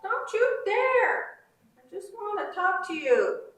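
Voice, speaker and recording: A bossy, doting mother speaks through a household smart speaker in a high, scolding lilt, as a woman reading aloud puts her on. Her words come slowly, with a big echoing room around her and the mic some way off. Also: big pitch swings, fairly bright tone, faint music behind, full character voice. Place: conference room. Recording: roomy hall from far off.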